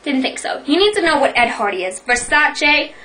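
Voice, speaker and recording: Young New York woman, very high and bright voice, brash mock-tutorial vlogger, heard a bit off-mic. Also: big pitch swings, moderate pace, recorded from a distance, rough recording. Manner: brash, profane, mock-boastful with an exaggerated attitude. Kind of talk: parody tutorial vlog.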